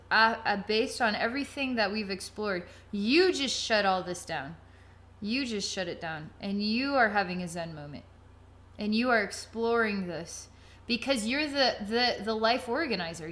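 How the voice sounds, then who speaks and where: A woman's voice: on the high side, fairly bright tone. Dramatic woman giving a psychic reading. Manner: vivid, dramatic, thinking aloud with restarts. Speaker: psychic reader.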